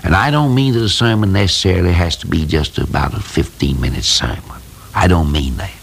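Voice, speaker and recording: A man's voice: low-pitched, a little fast, gravelly, slightly rough. A man preaching a sermon in a folksy, plain-spoken, emphatic way, telling simple stories.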